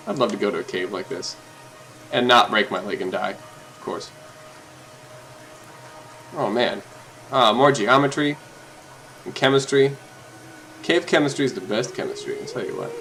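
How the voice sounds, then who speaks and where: A man giving casual, jokey commentary while playing a game, often gushing in a high voice. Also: normal speed, pauses often, faint music behind, poor audio. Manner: excitable and jokey, jumps to high-pitched gushing. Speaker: let's play host.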